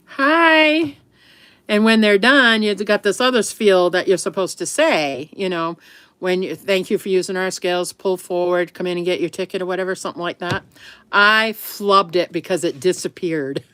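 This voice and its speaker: A woman's voice: fairly low pitch, a bit bright, smooth, dry recording. A middle-aged woman from the US East Coast chatting casually on a livestream, rambling with frequent laughs and self-corrections. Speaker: livestream host.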